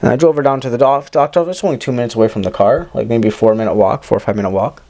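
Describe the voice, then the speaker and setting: Animated young man telling a story. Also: mid-range voice, very fast. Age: 20s. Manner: animated, acts out quoted voices, many fillers. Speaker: podcast co-host. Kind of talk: casual storytelling chat.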